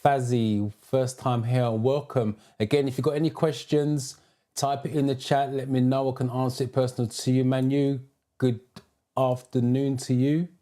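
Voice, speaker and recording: A man's voice: medium pitch, little pitch movement, normal speed, dark tone. A British man who teaches driving theory, hosting a live stream: he greets viewers by name, reads out their comments and gives advice.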